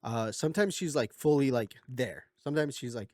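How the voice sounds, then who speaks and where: A man casually recaps a movie plot for a video essay, rambling with lots of fillers, slipping into goofy impressions, and coughing slightly. His mid-range voice is darkish and fairly quick, recorded with clean studio sound and no room sound.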